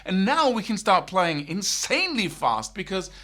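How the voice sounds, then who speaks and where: A middle-aged man teaching guitar, talking in an animated way and scatting riffs with syllables. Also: sits high, moderate pace. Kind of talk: spoken guitar lesson.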